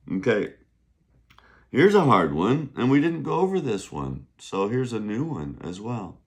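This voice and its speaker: Casting: deep-voiced male teacher, voice wearing thin, slow, animated delivery. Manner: upbeat, drills with repeat-after-me. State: losing his voice. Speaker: Mandarin teacher. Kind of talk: casual vocabulary lesson. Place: beach, outdoors.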